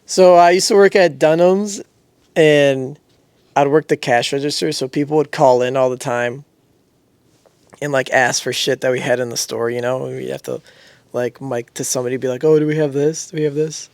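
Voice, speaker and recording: A young man co-hosting a podcast, telling stories with animated energy and frequent laughter. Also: mid-range voice, moderate pace, gravelly, smooth, dry recording. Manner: animated storytelling, laughs often. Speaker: podcast co-host. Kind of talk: casual chat.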